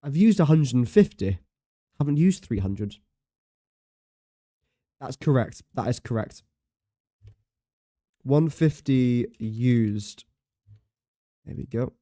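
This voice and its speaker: Mellow-voiced man thinking aloud while gaming. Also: medium pitch, lively intonation, slow pace, long pauses, dry recording, clean studio sound. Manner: thinks aloud, counts and does sums under his breath, self-mocking. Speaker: game streamer. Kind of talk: casual live-stream commentary.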